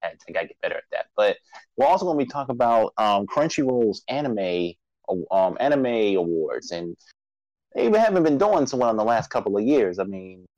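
A man's voice: fairly low pitch, big pitch swings, fairly quick, a little mellow, dry recording, highs cut off. Casual podcast co-host, male, theatrical preacher flair at times, dry close sound. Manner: mock-grand preacher-style intro, then loose chatty talk.

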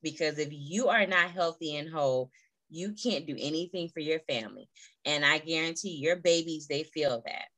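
A woman's voice: low voice, normal speed, a bit bright, no room sound, low-quality recording. A woman in her thirties telling a personal story as an interview guest on a video call, earnest and heartfelt, with many fillers.

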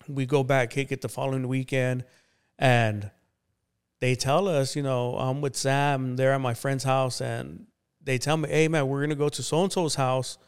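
This man, a pastor guesting on an interview, relates his life story relaxedly and conversationally with many fillers like "you know." His voice is medium-pitched, creaky, clear and resonant.

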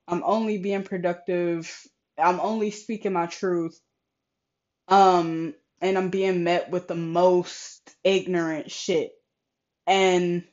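A woman's voice: on the low side, darkish tone. A young woman venting frankly and with exasperation in a casual vlog, swearing often and animatedly retelling conversations, with a slightly sore throat. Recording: slightly dull lo-fi recording.

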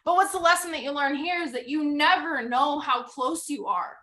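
A woman hosting a motivational podcast, retelling a story in an animated, emphatic way with quoted dialogue and repeated phrases for effect. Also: high-pitched, a little fast, few pauses. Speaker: podcast host.

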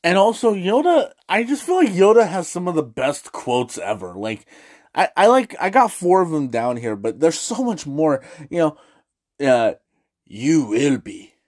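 Fairly high-voiced guy raving about an old movie, swears a lot, trips over his words. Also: normal speed. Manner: excitable, gushing, swears freely, lots of restarts. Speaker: movie review host. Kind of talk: casual movie review.

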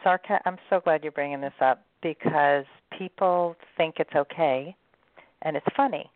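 A woman hosts the talk and speaks frankly, backing up what her guest says. Her voice sits low. The sound is dry and thin, like it comes down a phone line. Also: moderate pace, dry recording. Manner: frank, agreeing, plainspoken. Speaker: host. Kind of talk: casual interview chat.

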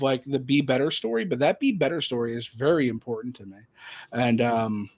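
A man's voice: medium pitch, no room sound. Rambling man telling a story. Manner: rambling, animated, many fillers and self-corrections. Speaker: podcast host. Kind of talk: casual storytelling chat.

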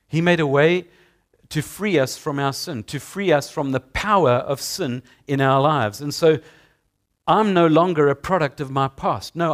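A male pastor preaching a sermon in a conversational way to his congregation in a church. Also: fairly high pitch. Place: church sanctuary.

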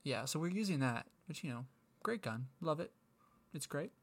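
A man's voice: a little high, animated, moderate pace. A man chatting casually on a podcast, rambling and interrupting himself as he tells a story. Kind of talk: casual chat.

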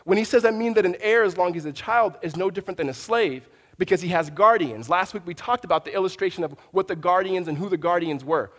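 A man's voice: high-pitched, fast talker, few pauses, fairly bright tone, big-room sound. A man preaching a sermon as a pastor, conversational, often restarting his sentences and telling stories. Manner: conversational, with frequent restarts and storytelling asides.

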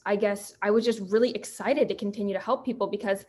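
A woman in her early twenties from Pennsylvania, hosting a solo podcast and telling a personal story with lively, acted-out dialogue. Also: mid-range voice, fast, few pauses. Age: 20s. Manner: animated storyteller, acts out quoted dialogue. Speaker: podcast host and fitness coach.

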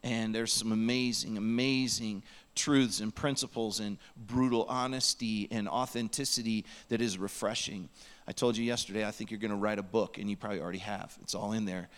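A man's voice: on the low side, fairly even intonation, fairly quick. Earnest male pastor preaching. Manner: earnest, pleading, drops to a near whisper at times. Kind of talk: sermon. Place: church sanctuary.

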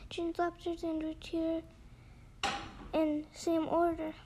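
A woman voicing the bossy male Griffin in a storybook reading, brisk and emphatic. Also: very high voice, completely flat delivery, background noise, full character voice.

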